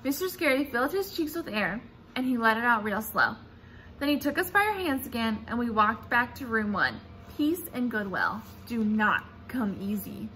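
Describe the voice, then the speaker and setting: A woman reads a children's chapter book aloud with expressive, animated storytelling. Her voice sits high and bounces through a wide range. The tone is bright and clear. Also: normal speed, a little hiss or hum. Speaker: reader.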